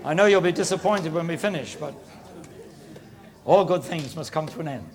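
A man's voice: on the high side, animated, normal speed, long pauses. A man preaching a sermon, urging the congregation to speak out, his voice strained.

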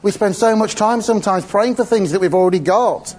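Husky, mellow-voiced man preaching casually. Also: high voice, brisk. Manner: chatty, laughs between points. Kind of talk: informal sermon.

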